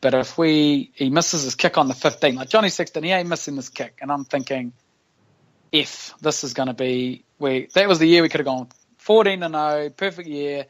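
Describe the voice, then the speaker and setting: This podcast guest is a pro rugby player from New Zealand, speaking at a moderate pace in a voice on the high side. He shares stories in relaxed, slang-heavy conversation, laughing often.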